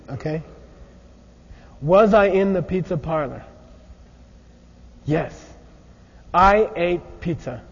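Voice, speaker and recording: Man lecturing, lively and chatty, fairly high voice, echoing hall. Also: husky. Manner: animated, often checks in with 'okay?'. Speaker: teacher. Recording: muffled recording in a large echoey hall.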